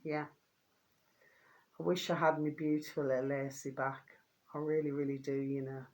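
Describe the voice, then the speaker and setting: A woman, chatting casually to her viewers in a rambling, affectionate way, her voice getting hoarse. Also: low voice, level tone, normal speed, a little mellow. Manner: affectionate, rambling, keeps asking "do you see what I mean". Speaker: vlogger.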